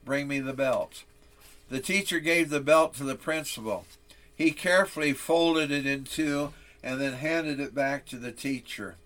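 A man's voice: fairly high pitch, normal speed, fairly bright tone. A male preacher telling a solemn story, then delivering a sermon.

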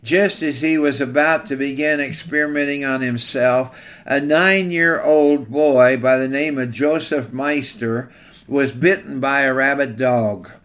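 A man's voice: medium pitch, fairly even intonation, measured pace, a bit bright, clear, resonant tone. Earnest man preaching a sermon. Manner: storytelling with illustrations, earnest. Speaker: pastor.

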